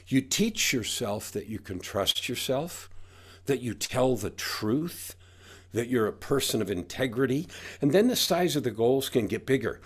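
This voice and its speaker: A man in his sixties, an author and coach, talking in an emphatic, preachy way as a podcast guest and repeating his catchphrases. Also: medium pitch. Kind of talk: motivational podcast interview.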